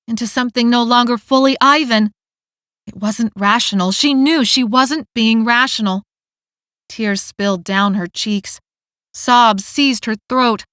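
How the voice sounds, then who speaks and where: A woman's voice: on the high side, bright, forceful tone, no echo. A woman narrating an audiobook in scripted, emotive style on a close studio mic.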